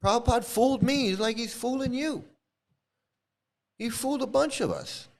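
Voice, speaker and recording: A man's voice: very high-pitched, moderate pace, vocal fry. A middle-aged man hosting his own channel, ranting angrily and swearing at commenters in a confrontational, profane way. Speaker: YouTube channel host. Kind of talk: profane live-stream rant.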